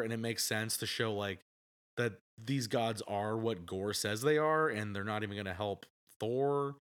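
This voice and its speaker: A man's voice: lowish voice, lively intonation, fairly quick, fairly bright tone. A man co-hosting a casual movie review podcast, chatty and often laughing as he retells scenes. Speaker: podcast co-host.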